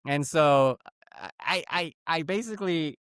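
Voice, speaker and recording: On a podcast he co-hosts, a man tells a story in easygoing conversation and acts out phone calls using put-on voices. His voice sits on the high side, moving at a measured pace, a bit bright and smooth. The studio-quality recording has no room sound.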